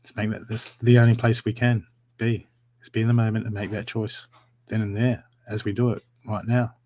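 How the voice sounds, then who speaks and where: A man giving live psychic readings from home, talking in an animated, encouraging way with a lot of repetition. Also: fairly low pitch, normal speed. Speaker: psychic reader. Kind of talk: live-streamed spiritual reading.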